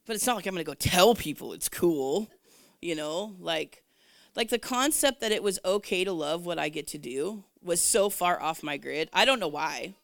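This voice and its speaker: A woman with a fairly low voice tells a personal story of faith in a chatty, animated way. She laughs often and acts out the voices of the people in the story. The sound is close and dry, with no room echo. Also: normal speed, vocal fry. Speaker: Christian minister. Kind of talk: personal testimony, casual storytelling.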